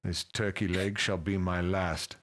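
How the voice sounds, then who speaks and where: A deep, slow, despairing doctor. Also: male voice, steady tone, fairly bright tone. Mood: brooding despair. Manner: slow, theatrical brooding despair. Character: despairing male doctor, weary and self-pitying. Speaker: game character. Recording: faint game music behind.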